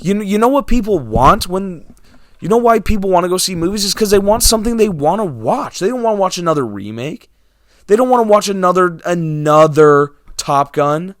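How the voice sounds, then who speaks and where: A young man whose voice sits high, with lively intonation at a normal speed, vents to his viewers about movies and theaters. He's a sarcastic, exasperated vlogger who swings between mumbles and outbursts, heard in studio quality with no room sound.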